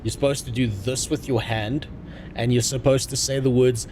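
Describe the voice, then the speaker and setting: A young man chats casually while streaming a game, rambling from topic to topic. His jokes are crude and delivered deadpan. His voice is mid-pitched, with a faint hum in the background. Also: normal speed. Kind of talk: casual chat while gaming.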